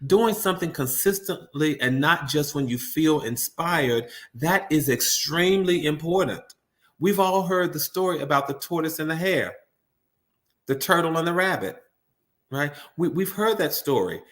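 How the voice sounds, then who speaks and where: A man's voice: fairly high pitch, lively intonation, moderate pace, fairly bright tone. Man giving a live motivational talk. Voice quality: repeats words often while restarting thoughts, addresses audience as "you all". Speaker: motivational speaker hosting a live stream.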